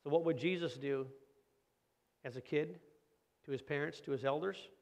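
A man's voice: on the high side, normal speed, gravelly, darkish tone. A middle-aged man preaching a conversational sermon, asking rhetorical questions and acting out quoted voices. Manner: acts out quoted voices of kids and parents. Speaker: pastor.

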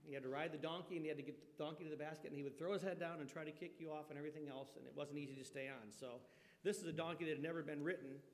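A man's voice: on the high side, steady tone, very fast. A man preaching a conversational sermon, folksy, often asking his congregation questions. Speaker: pastor. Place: church sanctuary. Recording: long reverb of a church hall.

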